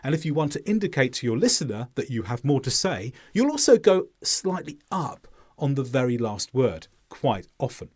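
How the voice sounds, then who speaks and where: A man teaching English pronunciation in a clear, deliberate explaining voice-over. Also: medium pitch, sing-song, a little mellow.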